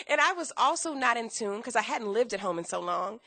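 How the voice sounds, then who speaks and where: A woman in her thirties, a guest telling her story in a casual interview, animated and acting out quoted dialogue. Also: on the high side, normal speed, few pauses, dry recording.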